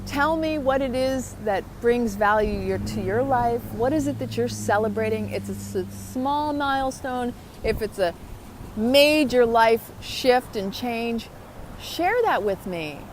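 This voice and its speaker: A woman's voice: on the high side, lively intonation, unhurried, noisy background. A woman talking to her viewers in a motivational vlog, upbeat and chatty. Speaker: vlogger. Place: outdoors.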